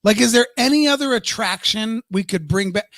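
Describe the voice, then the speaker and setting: A man's voice: sits high, brisk, fairly bright tone, dry recording, clean studio sound. A man co-hosting a casual live-stream podcast, ranting and swearing freely. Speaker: podcast co-host.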